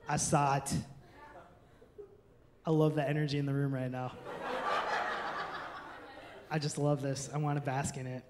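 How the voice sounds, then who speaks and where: A man's voice: mid-range voice, little pitch movement, moderate pace, pauses often, echoey room, crowd noise. A man in his thirties, a pastor, telling a funny personal story from a church stage as part of a sermon, laughing and acting out his friends' voices. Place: church stage before a congregation.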